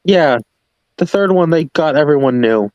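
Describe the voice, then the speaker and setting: A man streaming, chatting casually with friends and reading out chat comments in an animated, opinionated way. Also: on the high side, moderate pace, no echo.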